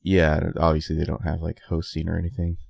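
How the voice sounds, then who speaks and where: A man with a very low, gravelly voice co-hosts a casual podcast. He talks in a dry, deadpan way, trading passive-aggressive jabs. The sound is close and dry, with no room around it. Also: a little fast, no room sound. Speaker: podcast co-host.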